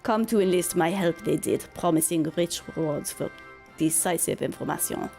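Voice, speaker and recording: A woman's voice: fairly low pitch, normal speed, creaky, darkish tone, soft background music. A woman voicing a sly, fawning male informant with a put-on mock French accent, while reading game dialogue aloud. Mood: pleading.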